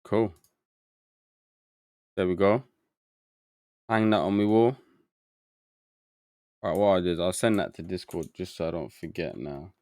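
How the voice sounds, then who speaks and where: A man streams a game live, his low voice recorded dry and close. He mutters through his confusion, reads bits aloud and talks casually with his viewers. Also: measured pace, long pauses, warm tone, dry recording. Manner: muttering to himself, easily confused, chatty with chat. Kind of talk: live gameplay commentary.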